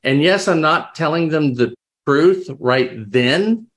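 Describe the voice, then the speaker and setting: A crisis responder appearing as a podcast guest tells stories of his experiences in a reflective, conversational way, often restarting sentences and acting out quoted dialogue. He speaks slowly in a slightly high, expressive voice.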